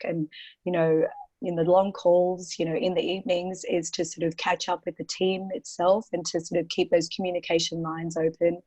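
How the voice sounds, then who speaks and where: An Australian woman with a croaky voice, answering interview questions as a guest on a webinar, talking steadily with lots of "you know" and "um" fillers. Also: fairly low pitch, darkish tone. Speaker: portfolio manager guest.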